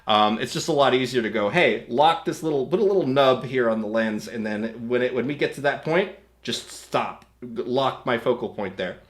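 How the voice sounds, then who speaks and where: A man's voice: mid-range voice, animated, normal speed. A man hosting a casual screen-recorded tutorial, explaining step by step in a rambling, self-correcting way and chuckling at his own remarks. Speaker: host demonstrating an AI video tool.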